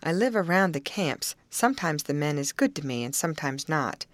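A woman voicing a timid, simple-minded young man who speaks slowly and hesitantly in plain country grammar. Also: low-pitched, lively intonation, dry recording. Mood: earnest. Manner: slow, hesitant, uneducated grammar.

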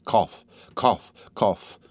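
A man's voice: medium pitch, moderate pace, no echo, close to an everyday voice. A man voicing a proud, distraught consumptive mother who talks fretfully and breathlessly. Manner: breathless, fretful and rambling, broken by coughs.

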